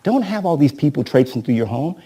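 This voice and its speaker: A man's voice: a little high, brisk, breathy edge. A man training real estate agents at a live seminar. He talks energetically, keeps asking "right?" and acts out sales scripts with a volunteer from the audience. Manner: energetic, peppers talk with "right?" and questions to the audience.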